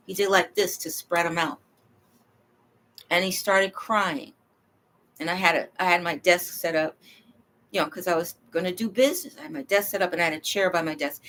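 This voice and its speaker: A woman talks straight to the camera in a personal monologue. She rambles and stresses her points, and her voice sits at an ordinary middle pitch. She acts out the lines of the people in her story. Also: fairly bright tone. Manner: rambling, emphatic, acts out quoted dialogue.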